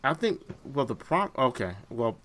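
A man's voice: medium pitch, very animated, moderate pace, fairly bright tone. A man co-hosting a fan podcast, talking in casual chat with lots of fillers and restarts. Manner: hesitant, many fillers and restarts. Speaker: podcast co-host.

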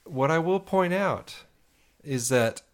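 A man co-hosting a podcast, talking in a halting, searching way with many restarts. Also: a little high, lively intonation. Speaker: podcast co-host. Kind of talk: casual podcast talk.

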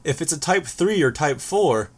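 A man voicing a steady young male team leader in armor, brisk and matter-of-fact. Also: on the high side, pitched above the performer's own voice. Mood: firm.

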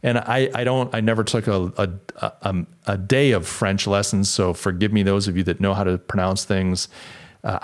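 A man hosting a podcast, giving opinionated political commentary in an emphatic way, with sarcastic asides. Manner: emphatic, animated, pitch jumps up for emphasis. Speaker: podcast host.

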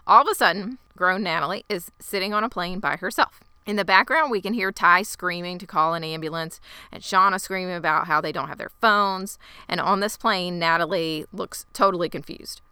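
A woman co-hosting a casual podcast, retelling a TV episode scene by scene with lively asides. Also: lowish voice, normal speed, clean tone, no room sound. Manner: animated storyteller, quotes characters in lively asides. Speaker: podcast co-host. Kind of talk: casual TV recap chat.

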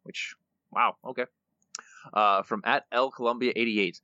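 A man's voice: medium pitch, steady tone, a little slow, bright, forceful tone, dry recording. A man co-hosting a podcast in casual chat, reading listener answers aloud with mild playful emphasis. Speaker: podcast co-host. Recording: dull lo-fi dry podcast mic.

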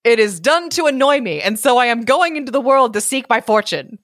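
A haughty little stag beetle who is easily insulted and speaks in a pompous, huffy way, as a woman puts him on while reading a story aloud. The voice sits higher than her usual talk and is lively and dry. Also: fairly quick, dry recording. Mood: indignant.

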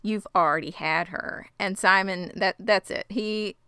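A woman with a bright, crisp voice recaps a TV episode and breaks off into outraged, swearing comments. The sound is close and dry, with no room echo. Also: mid-range voice, unhurried. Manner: expressive, outraged asides, swearing. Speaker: podcast co-host recapping a TV episode. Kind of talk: casual chat, retelling scenes.

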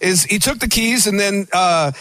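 High-voiced man telling stories. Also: normal speed, bright, forceful tone. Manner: rambling storyteller with many restarts. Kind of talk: casual wrestling interview talk.

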